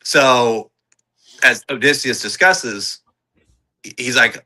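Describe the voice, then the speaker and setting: A man co-hosting a podcast, casually and enthusiastically recounting film scenes and chiming in with quick agreement. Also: mid-range voice, sharp tone, low-quality recording. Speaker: podcast co-host. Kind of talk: casual film review chat.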